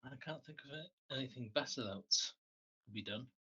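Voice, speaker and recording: A man's voice: mid-range voice, moderate pace, bright, forceful tone, husky. A man playing a tabletop horror game, talking plainly and thoughtfully in character and out. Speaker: player. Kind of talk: casual tabletop game play.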